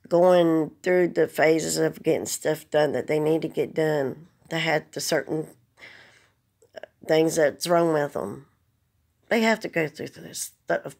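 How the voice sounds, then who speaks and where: In a deep, gravelly voice, a vlogger gives an emotional message straight to the camera, pleading earnestly and plainly while holding back tears.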